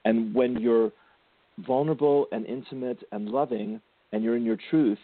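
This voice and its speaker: A man's voice: mid-range voice, fairly even intonation, moderate pace, dry recording. Male spiritual radio host, soothing and affectionate, tinny phone-line audio, dry sound. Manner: soothing, affectionate, calls caller sweetie and darling. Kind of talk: gentle spiritual counseling chat.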